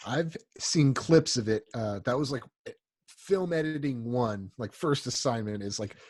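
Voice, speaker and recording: A man's voice: mid-range voice, expressive, unhurried, darkish tone. A man guesting on a podcast, chatting casually in a laid-back way. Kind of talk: casual chat.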